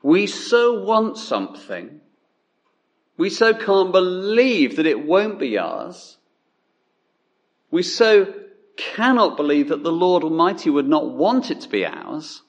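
A male preacher giving a sermon in a measured, emphatic way, dropping low on key words.

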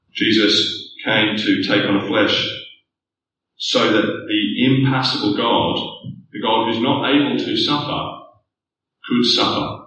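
A man's voice: lowish voice, a bit bright, dull audio, a little hiss or hum. A man preaching a sermon, earnest and building to rhetorical questions. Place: church hall. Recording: echoey distant church room mic.

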